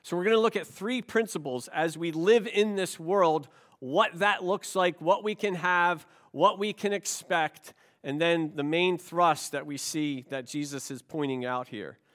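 A man with a high-pitched voice delivers a church sermon. He preaches in a conversational way, trading stories and rhetorical questions with the congregation, and his voice carries up to fairly high notes. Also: unhurried, hardly any pauses, fairly bright tone. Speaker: pastor.

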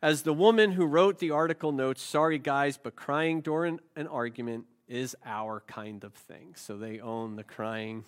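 A man's voice: mid-range voice, normal speed, hardly any pauses. A middle-aged man preaching a sermon, talking in a loose, joking, conversational way with frequent restarts. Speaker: pastor.

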